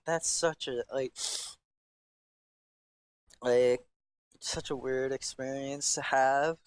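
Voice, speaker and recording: A young man hosting a casual podcast, rambling in slang and breaking into a loose freestyle rap. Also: mid-range voice. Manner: rambling, slangy, repeats himself. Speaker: podcast host.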